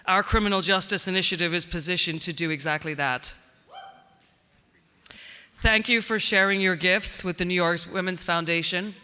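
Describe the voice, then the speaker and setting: A man's voice: high voice, steady tone, normal speed, bright, forceful tone, smooth. A man giving a fundraising speech, earnestly thanking the donors in the room. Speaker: foundation speaker. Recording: long hall reverb.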